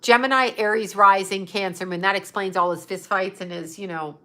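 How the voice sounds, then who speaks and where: A woman's voice: medium pitch, steady tone, moderate pace, sharp tone. A woman hosting a livestream, talking casually and bluntly with lots of swearing, rambling and thinking aloud while she answers viewers. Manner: blunt, profane, opinionated; trails off, talks to herself while looking things up. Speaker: livestream host answering chat.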